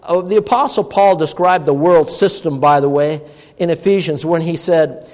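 A man with a high voice delivers a sermon, telling a story and reciting poetry and scripture. He slows down to stress key words. His voice rings with a long reverb, as in a church sanctuary. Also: darkish tone. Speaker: pastor.

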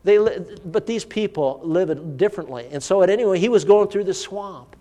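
A man's voice: high voice, lively intonation, brisk, dark tone. A man preaching a sermon, telling a personal story in an earnest, vivid way. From United States. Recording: long hall reverb.

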